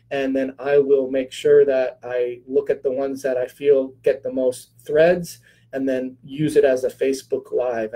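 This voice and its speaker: A man's voice: mid-range voice, mellow, low-quality recording. A middle-aged man hosting a casual live-stream Q&A, chatty, with many fillers, greeting viewers by name.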